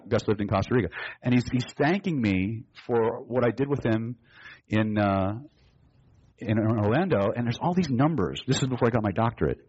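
A man's voice: medium pitch, darkish tone, slightly rough, lo-fi sound. A man teaching a live seminar, telling a story and acting out both sides of the dialogue, to a room of students. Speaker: hypnosis and NLP trainer.

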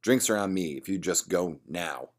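A no-nonsense bartender who wants no trouble and says so firmly. A man gives him a very low, commanding tone. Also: moderate pace. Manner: firm, barking orders. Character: firm male bartender keeping the peace.

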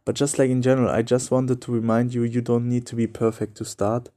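A man's voice: mid-range voice, flat delivery, fairly quick, mellow. A young man who is not a native English speaker, hosting a solo podcast in an earnest, repetitive way with loose phrasing. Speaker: podcast host. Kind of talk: solo motivational podcast talk.

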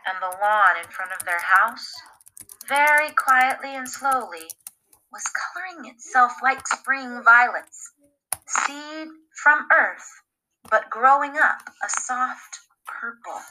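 A woman reading a story aloud with expressive, dramatic narration. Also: fairly high pitch, takes it slowly, low-quality recording. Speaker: podcast reader.

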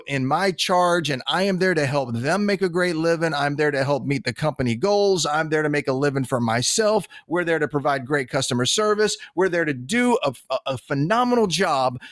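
A man's voice: a little high, no echo, clean studio sound. A middle-aged man hosting a sales podcast, talking bluntly and with lots of energy, swearing now and then. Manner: blunt, animated, swears casually. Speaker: podcast host, sales trainer. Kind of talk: casual monologue.

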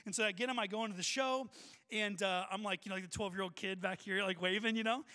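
A young man preaching a sermon as a pastor, telling a personal story with lively acted-out voices. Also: high-pitched, fast talker. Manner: energetic storyteller, acts out voices of people in the story. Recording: long hall reverb.

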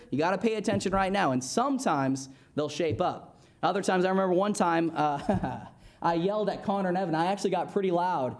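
A man's voice: sits high, darkish tone. A young man preaching a casual, conversational sermon, often checking in with the listeners with "amen?" and "right?". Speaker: Sunday school teacher preaching.

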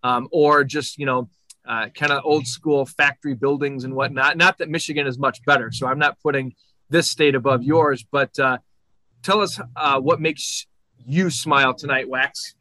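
A man's voice: medium pitch, steady tone, moderate pace, pushed and bright, no echo, low-quality recording. A man co-hosting a casual college football podcast, talking in a rambling, friendly way and often correcting himself. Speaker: podcast co-host. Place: Michigan.

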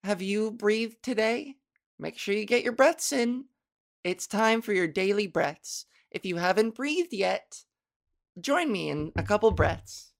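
A woman hosting a solo podcast, talking slowly and unhurriedly in a voice with a gravelly edge of vocal fry. She rambles and mocks herself, breaking into laughs at her own jokes. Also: mid-range voice, animated. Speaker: podcast host. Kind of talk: casual solo podcast chat. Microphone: studio microphone.

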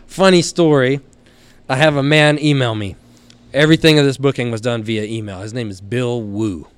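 A Texan man telling stories as a guest on a studio podcast, animated and blunt, laughing through his tales and cursing casually. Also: mid-range voice, normal speed, clean tone, no echo. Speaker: guest, helicopter hunting outfitter.

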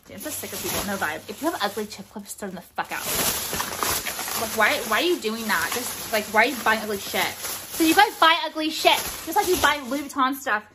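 A woman's voice: on the high side, lively intonation, fairly quick, noisy background. A woman vlogger chatting casually to viewers about things she bought, blunt and profane, ranting now and then. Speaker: vlogger showing purchases. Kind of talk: casual haul chat to viewers.

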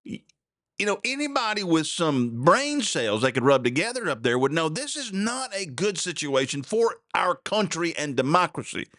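Animated sarcastic male talk host. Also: a little high, moderate pace, no echo, studio quality. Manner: animated, sarcastic, laughing often. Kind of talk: casual political commentary.

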